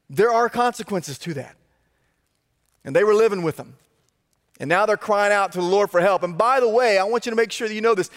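A man preaching a sermon to a congregation in a conversational way, with dramatic pauses and repetition. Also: high-pitched, in a large hall. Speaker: pastor.

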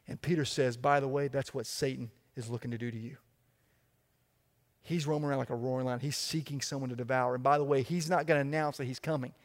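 A man's voice: medium pitch, steady tone, fast, big-room sound. A man preaching a sermon as pastor, emphatic, with a repetitive cadence.

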